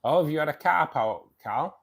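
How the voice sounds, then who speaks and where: A man's voice: a little high, animated, normal speed, creaky, breathy edge. A tired man hosting a fishkeeping live stream, chatting casually, reading viewer comments and calling everyone mate. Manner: chatty, says "mate" often, rambling restarts.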